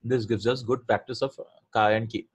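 A man's voice: mid-range voice, fairly even intonation, normal speed, husky. A man teaching an online Arabic lesson, patiently explaining step by step and asking his students questions.

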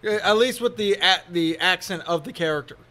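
A man's voice: high-pitched, moderate pace, bright, forceful tone. A man co-hosting a casual movie podcast, recapping the plot step by step. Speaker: podcast co-host.

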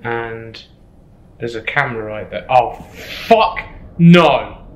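Jittery, swearing gamer. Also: male voice, mid-range voice, expressive, slow, echoey room, highs cut off, soft background music. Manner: jittery, swearing, keeps repeating himself. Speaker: gameplay streamer. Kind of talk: horror game commentary.

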